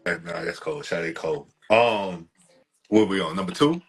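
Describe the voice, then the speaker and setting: A man's voice: low-pitched, measured pace, breathy edge, faint music behind, low-quality recording. A man co-hosting a podcast, talking in a slangy drawl with short, emphatic reactions. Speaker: podcast co-host. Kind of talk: casual chat.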